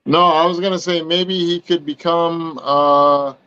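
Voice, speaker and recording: An upbeat man co-hosting a casual podcast, with a voice pitched a little high. He sounds agreeable and chimes in often. The recording sounds dull and lo-fi. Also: fairly even intonation, unhurried, sharp tone, smooth. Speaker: podcast co-host. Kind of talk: casual chat.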